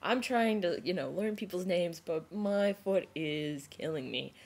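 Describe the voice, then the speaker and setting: A young woman vlogging to a self-filmed camera, retelling a story in a rambling, animated way with lots of "like" and restarts. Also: fairly low pitch, a little slow. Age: young adult. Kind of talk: casual storytelling vlog.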